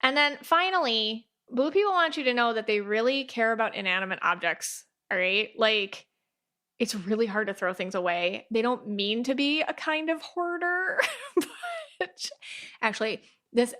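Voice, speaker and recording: Bright-voiced chatty woman podcaster. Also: mid-range voice. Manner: chatty, animated, acts out little quoted voices. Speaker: podcast host, aura reader. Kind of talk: casual podcast talk.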